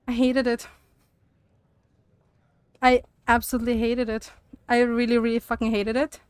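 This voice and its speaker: A woman's voice: on the high side, level tone, normal speed, long pauses, clear, resonant tone, no room sound. A young woman streamer chatting casually while gaming, ranting and laughing with frequent swearing.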